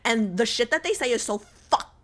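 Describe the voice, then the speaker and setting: A young woman streaming and chatting casually, rambling with lots of fillers, a little sick so her voice sits lower than usual. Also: expressive, moderate pace, fairly bright tone. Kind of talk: casual livestream chat.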